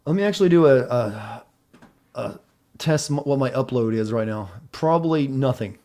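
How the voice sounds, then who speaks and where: Mellow-voiced male game streamer. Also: mid-range voice, expressive, moderate pace. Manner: chatty, apologetic about stream trouble. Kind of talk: casual game stream chat.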